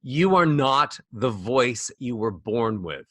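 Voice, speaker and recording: Animated bright-voiced man, voice coach. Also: mid-range voice, slow pace, no room sound, clean studio sound. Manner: playful, acts out voices of others. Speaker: voice coach guest. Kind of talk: animated podcast conversation.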